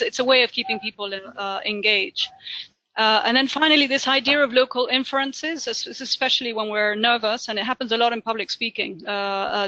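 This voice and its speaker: A man giving a career training webinar, talking fast with lots of ums and uhs. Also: high voice, sharp tone, no echo, lo-fi sound. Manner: talks fast with many fillers. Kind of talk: webinar presentation.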